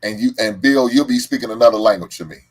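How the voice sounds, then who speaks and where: A man hosting a podcast, chatting casually and teasing his guest in an animated way. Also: fairly low pitch, husky. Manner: animated, quick to laugh, teasing. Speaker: podcast host. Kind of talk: casual chat.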